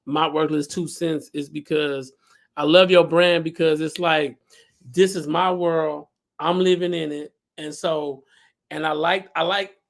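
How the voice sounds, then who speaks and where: A man's voice: on the high side, vocal fry, a bit bright. A man on a livestream as the guest, talking in an upbeat, motivational way. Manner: upbeat, motivational, speaks quickly. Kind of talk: casual interview talk.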